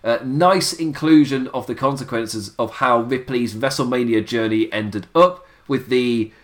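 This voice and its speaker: A man talking through a weekly wrestling show in loose, rambling sentences. He chuckles often, fills his pauses with drawn-out filler sounds, and sits at an ordinary middle pitch. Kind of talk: casual spoken review.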